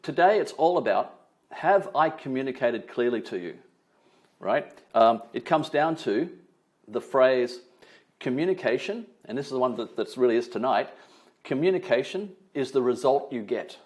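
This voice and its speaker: A man trainer giving a lively online webinar, leaning on emphasis and tag questions like "right?", speaking over a video call. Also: medium pitch, moderate pace.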